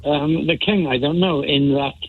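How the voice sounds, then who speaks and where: Man, phone-in caller, hesitant and repetitive, slightly high voice, tinny phone line. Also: slightly rough, no echo. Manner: halting, many restarts. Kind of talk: phone-in chat.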